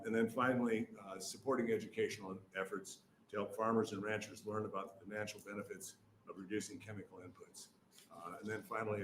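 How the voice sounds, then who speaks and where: A man gives earnest testimony to a committee, stumbling and restarting as he hurries. His voice sits on the low side and echoes in a roomy hearing chamber. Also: background noise. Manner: earnest, stammering, many restarts. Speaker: witness testifying. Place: hearing room.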